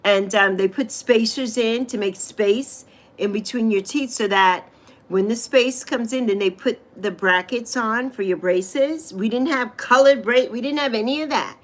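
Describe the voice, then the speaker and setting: In a slightly high voice and a slightly slow pace, a woman in her sixties hosts a casual livestream, reading viewer comments and chatting directly to them, calling them honey. The audio comes through a phone or webcam.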